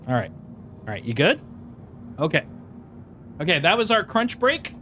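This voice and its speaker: A man, chatting casually on a gaming stream with folksy, drawn-out exclamations. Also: fairly high pitch, very animated, pushed and bright, a little hiss or hum. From American Midwest. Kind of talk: casual chat.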